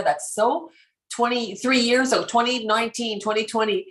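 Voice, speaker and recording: A woman guest in a casual conversation about her spiritual work, telling stories lively and acting out quoted exchanges, often laughing. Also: a little high, fairly quick. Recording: roomy echo.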